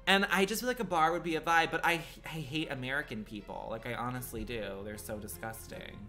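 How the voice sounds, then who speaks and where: A man's voice: mid-range voice, fairly quick, pushed and bright, soft background music. A man livestreaming a game, rambling and swearing freely with many filler words. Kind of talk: casual gaming livestream chat.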